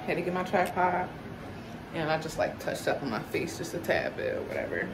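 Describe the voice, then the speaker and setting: A woman's voice: sits low, big pitch swings, a little fast, background noise. A young woman vlogging blunt and exasperated. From Philadelphia area. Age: young adult. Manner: blunt, exasperated, cursing freely. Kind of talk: casual vlog talk. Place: car and school building.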